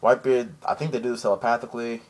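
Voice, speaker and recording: A man giving a casual, rambling episode recap, full of "um" and "like", who jumps into quick high voices when he quotes characters. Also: flat delivery. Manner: rambling, chatty, frequent "um" and "like". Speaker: anime episode reviewer.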